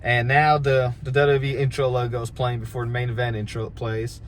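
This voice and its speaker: A man's voice: medium pitch, level tone, brisk. A man with an ordinary mid-range voice spins a casual, rambling yarn about his wrestling days, self-deprecating and easygoing. He restarts sentences as he goes, and a faint noise sits behind him. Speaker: pro wrestler telling a story. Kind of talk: casual storytelling.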